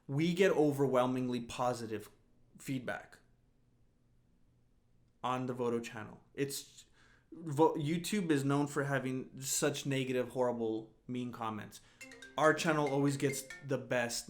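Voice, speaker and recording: A man hosting a casual solo podcast, rambling and often laughing as he restarts his sentences. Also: medium pitch. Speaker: podcast host.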